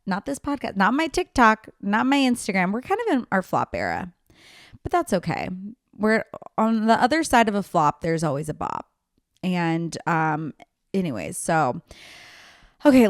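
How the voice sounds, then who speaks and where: A woman's voice: mid-range voice, dry recording, clean studio sound. A young woman hosting her own podcast, telling stories in a loose, chatty way full of "like" and "um". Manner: chatty storytelling, many fillers like "like" and "um". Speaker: podcast host. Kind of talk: casual solo podcast chat.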